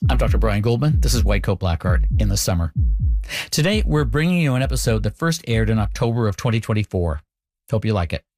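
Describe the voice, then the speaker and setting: A man hosting a radio show, introducing the episode in a calm, measured scripted narration. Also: lowish voice, faint music behind.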